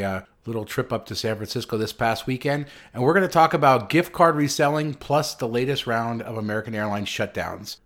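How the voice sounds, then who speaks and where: A man's voice: medium pitch, a bit bright. A man with a mid-range voice hosting a podcast. He opens the episode in an upbeat presenter manner, then chats casually with his co-hosts. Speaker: podcast host. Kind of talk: podcast host intro and chat.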